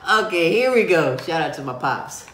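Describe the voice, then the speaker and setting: A man co-hosting a faith-based couple's vlog, easygoing and quick to laugh as he walks through his points. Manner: easygoing, laughs often, lively pitch. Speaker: co-host of a couple's channel. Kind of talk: casual faith-based advice chat. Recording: roomy echo, faint background noise.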